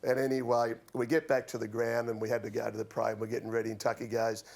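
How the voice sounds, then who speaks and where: An Australian man in his sixties, a former footballer, telling relaxed stories on a panel show and laughing at his own anecdotes. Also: medium pitch, fast, gravelly. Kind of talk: casual storytelling on a TV panel show.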